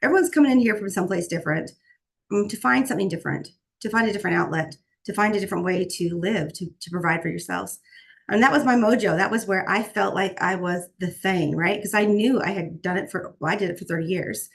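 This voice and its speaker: A woman's voice: mid-range voice, quick pace, vocal fry. A woman giving an earnest, faith-filled motivational talk on a video call, often restarting her sentences. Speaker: guest speaker.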